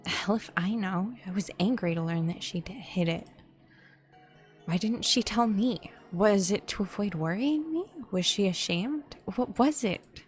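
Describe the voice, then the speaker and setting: A blunt, short-tempered bartender in a story game, read aloud by a woman in her own voice, stammering and quick to rant. The voice sits at a medium pitch and moves at a slow, deliberate pace, with soft music underneath. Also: animated, lightly acted. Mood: somber.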